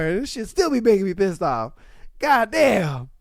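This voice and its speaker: A man hosting a podcast, reading listener stories and ranting about them in a casual, profane, animated way. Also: very high voice, normal speed, no echo, clean studio sound. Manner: animated, profane, acts out rants loudly. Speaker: podcast host.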